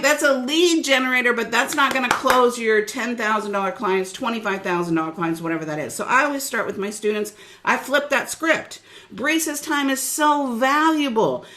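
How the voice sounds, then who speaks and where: In an upbeat, sermon-like webinar, a middle-aged female business coach motivates her audience and singles out listeners by name. Her voice sits at a medium pitch.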